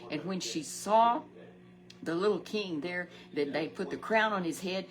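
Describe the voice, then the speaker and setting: Casting: woman Bible storyteller, slightly low voice, plain homespun delivery full of restarts. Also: measured pace, low-quality recording. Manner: repetitive, stumbling, homely exclamations. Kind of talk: Sunday Bible story telling.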